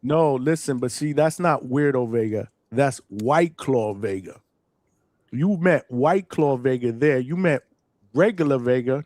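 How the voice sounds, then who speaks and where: A man's voice: mid-range voice, darkish tone, no echo. A man hosting a call-in show, chatting casually in a playful, teasing way. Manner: playful, teasing, laughs a lot. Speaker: show host.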